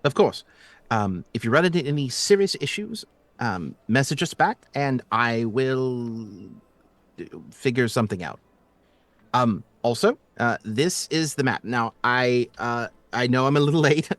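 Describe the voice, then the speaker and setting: A man narrating as game master in a tabletop session, his pitch rising and falling a lot as he describes the scene. He hesitates often and restarts his sentences. The sound is dry and close, with no room around it. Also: lively intonation, a bit bright, no echo. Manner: halting, full of ums and restarts.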